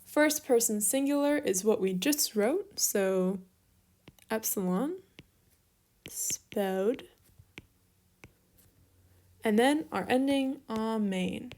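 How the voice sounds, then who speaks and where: A young woman teaching an online Greek lesson, spelling out each form at an unhurried pace. Her voice sits a little high. She talks as she writes and now and then says sorry for repeating herself. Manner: steady, step-by-step explaining while writing, with small apologies.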